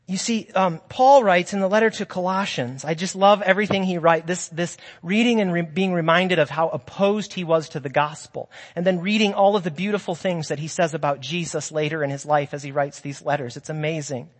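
A man's voice: a little high, fairly even intonation, brisk, few pauses. A man preaching a sermon in a church, earnest and encouraging as he shares personal stories and calls his listeners friends. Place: church sanctuary. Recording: long hall reverb of a church.

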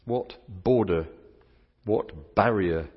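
A man preaching a lively sermon, playful and coaxing the congregation to join in. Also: low-pitched, very slow, husky. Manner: playful, coaxes the crowd to join in. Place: church sanctuary. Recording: dull sound, long church reverb.

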